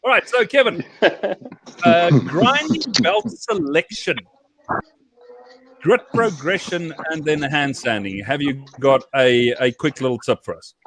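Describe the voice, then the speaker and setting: A man's voice: a little high, lively intonation, measured pace, a bit bright, slight background noise. A man hosting a casual panel chat on a video call, jovial and teasing with his guests. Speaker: podcast host.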